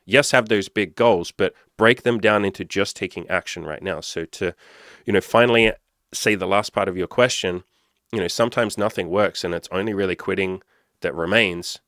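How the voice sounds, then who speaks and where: A man speaking in a low, dry voice, recorded close with almost no room sound. He talks like a blunt coach in a casual Q&A, cursing often and acting out the people he quotes. The delivery is unpolished and direct. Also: normal speed, fairly bright tone, dry recording. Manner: blunt, swears freely, acts out quoted people. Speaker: dating and self-improvement coach. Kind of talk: casual motivational Q&A monologue.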